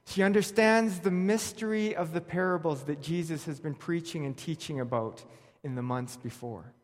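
A man's voice: fairly high pitch, moderate pace. Man preaching in an echoing hall. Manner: lively storytelling, wry humor, reads verses aloud. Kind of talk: sermon. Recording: long reverb of a large hall.

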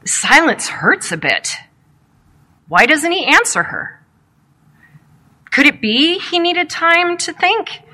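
A woman preaching a sermon in a reflective, measured storytelling manner, asking rhetorical questions. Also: very high voice, sing-song, sharp tone.

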